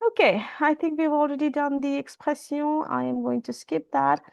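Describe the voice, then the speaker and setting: A woman's voice: high voice, steady tone, normal speed, vocal fry, dry recording. A woman teaching French in an online class over a video call, repeating phrases and switching between French and English.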